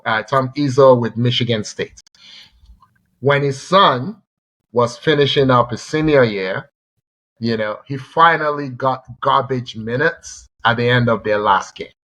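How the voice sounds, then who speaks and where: A man co-hosting a sports podcast, telling stories in a rambling, animated way and often repeating words. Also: medium pitch, measured pace, low-quality recording. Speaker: podcast co-host. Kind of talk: casual sports chat.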